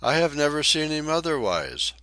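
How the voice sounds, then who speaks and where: Male reader doing a refined young woman, lifted high and courteous, dry close sound. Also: sing-song, normal speed, bright, forceful tone, dry recording. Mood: calm.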